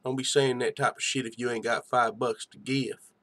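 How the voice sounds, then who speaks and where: A man's voice: medium pitch, steady tone, normal speed, a bit bright. A young man hosting a live fight-night stream, giving hyped, slangy reaction commentary and chatting with viewers.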